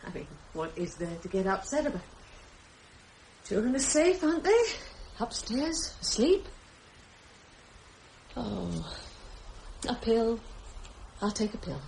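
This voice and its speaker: A woman's voice: on the high side, sing-song, takes it slowly, gravelly, long pauses, a little mellow, slight background noise, full character voice. An actress playing a nervous young mother alone at night, with a British accent, muttering to herself in a radio drama. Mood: jittery muttering. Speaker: radio play lead.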